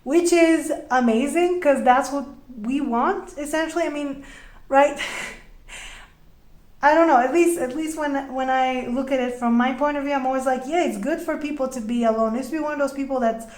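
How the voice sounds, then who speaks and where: Young woman, high voice, chatty tarot reader in an echoey room, laughs a lot. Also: moderate pace, darkish tone. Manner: chatty, laughs often, trails off and restarts. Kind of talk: casual tarot reading.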